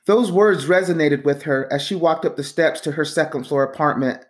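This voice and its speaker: Narrator: woman with a deep voice, steady audiobook reading. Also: moderate pace. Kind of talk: scripted narration.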